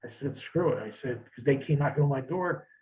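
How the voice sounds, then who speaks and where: A man's voice: mid-range voice, fast talker. Profane storytelling man on a tinny line. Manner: profane, laid-back storytelling with laughs. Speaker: guest, former wrestler. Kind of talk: casual storytelling interview.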